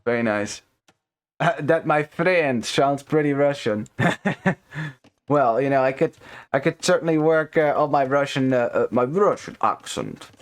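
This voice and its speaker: A man's voice: mid-range voice, a little slow. A man casting a strategy game live, chatty with many fillers, greeting chat viewers between plays. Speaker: esports caster.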